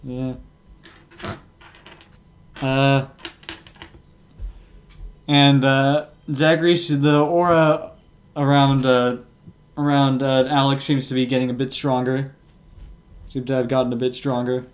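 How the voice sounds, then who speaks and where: A man's voice: medium pitch, flat delivery, takes it slowly, pauses often. A man narrating a tabletop game as game master, stopping often to restart his sentences. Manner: hesitant, many fillers and restarts.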